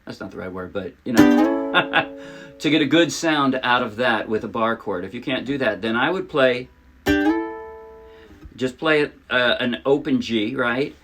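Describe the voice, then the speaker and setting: A man talks through a relaxed ukulele lesson in a chatty, self-deprecating way. A ukulele rings out loudly around his voice as he demonstrates. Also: mid-range voice, normal speed, over loud music. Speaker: ukulele teacher. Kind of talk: casual tutorial talk. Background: ukulele playing.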